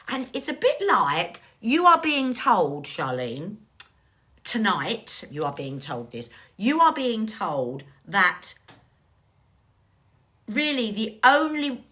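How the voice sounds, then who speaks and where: A woman's voice: medium pitch, bright, forceful tone. A woman working as a psychic medium, giving a chatty, affectionate card reading on a phone livestream and calling her viewers darling. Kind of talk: live-stream card reading.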